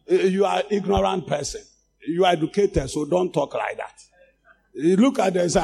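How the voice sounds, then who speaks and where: A male preacher with a Ghanaian accent delivering a sermon, a Twi speaker who swings from calm talk to loud shouted exhortation. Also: sits high, normal speed, vocal fry, slightly rough. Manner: switches between English and Twi, rising to shouts.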